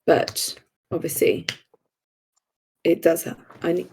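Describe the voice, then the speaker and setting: Slow, gravelly woman player. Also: on the low side, expressive, a little hiss or hum, rough recording. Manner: hesitant, many ums. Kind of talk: casual tabletop play, in character.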